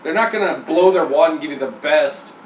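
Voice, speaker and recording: A man with a slightly high voice rambles through his points with lots of fillers while co-hosting a casual beer review. He is heard from a distance in an echoey room with faint hiss. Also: fairly quick. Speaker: co-host.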